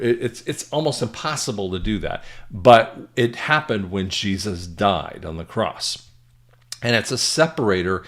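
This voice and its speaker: A man giving an informal Bible teaching, telling a personal story in a rambling, conversational way with many fillers and restarts, growing loud and emphatic at high points. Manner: grows loud and emphatic at climaxes.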